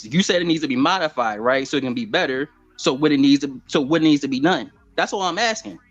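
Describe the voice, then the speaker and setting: A man's voice: fairly high pitch, expressive, fast, a bit bright. A man co-hosting a podcast, pressing a question over and over in a heated debate. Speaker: podcast co-host. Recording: dull lo-fi sound.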